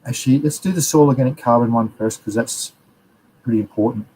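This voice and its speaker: A man's voice: medium pitch, fairly quick, mellow, a little hiss or hum, low-quality recording. An Australian man hosting a live show, chatting casually and rambling with slang. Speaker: host. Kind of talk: casual live-stream chat, reading chat messages.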